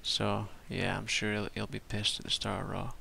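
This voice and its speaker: A man's voice: fairly low pitch, completely flat delivery, normal speed, creaky, pushed and bright, slight background noise. A tired man rambling casually through a wrestling show review, swearing and restarting his sentences. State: tired from staying up all night.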